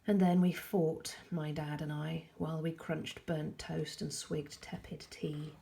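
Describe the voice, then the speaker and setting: Teacher reading a class novel aloud, low gravelly voice, calm, measured pace. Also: female voice. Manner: calm, measured narration with soft asides.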